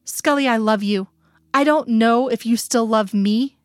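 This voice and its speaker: A woman voicing a hurt, bitterly angry grown man who turns soft and tender, read in her own higher voice in a dry room. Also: measured pace, dry recording, close to an everyday voice. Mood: tender, low. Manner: accusing, then pleading softly.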